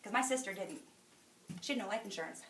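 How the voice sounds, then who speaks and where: A woman's voice: medium pitch, animated, fast, a bit bright. A middle-aged woman giving an emphatic, chatty motivational testimony to a group, preachy in tone and laughing now and then between lines. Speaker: sales director speaking to a group. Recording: echoey hall, speaker far from mic.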